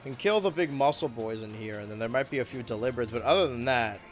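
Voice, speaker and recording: A young man casually commenting on his gameplay as a streamer, chatty and self-mocking, with sudden loud outbursts and a voice getting worn. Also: mid-range voice, quick pace, soft background music.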